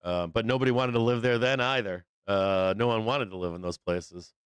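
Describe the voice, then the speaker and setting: A man's voice: lowish voice, moderate pace, clean tone, no room sound. A man from Boston hosting a live stock market show, talking off the cuff in a rambling, profane way. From Boston, USA. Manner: rambling, profane, with frequent fillers. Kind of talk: casual livestream chat.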